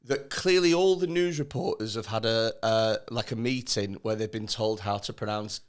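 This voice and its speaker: A man's voice: fairly low pitch, moderate pace, clear, resonant tone. A man with a Northern English accent, co-hosting a podcast in casual, sweary, joking chat. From Northern England. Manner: sweary, jokey, mimics accents. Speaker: podcast co-host.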